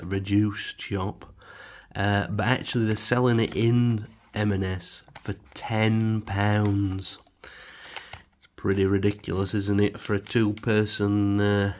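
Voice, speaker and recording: Dry, rambling man, low voice. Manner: rambling, dry and wry with many fillers. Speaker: food reviewer. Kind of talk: casual food review vlog. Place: home kitchen.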